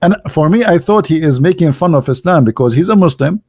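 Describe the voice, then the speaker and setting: A sarcastic man from the Middle East holds forth in English, slipping in fillers and laughing at his own jokes. His voice sits a little high and sounds close and dry, with no room behind it. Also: animated, a little fast, warm tone, no echo. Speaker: channel host. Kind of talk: mocking monologue.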